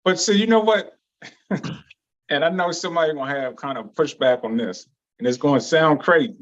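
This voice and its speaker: A man hosting a casual discussion on a video call, voicing his views in a measured way. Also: a little high. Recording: muffled video call audio.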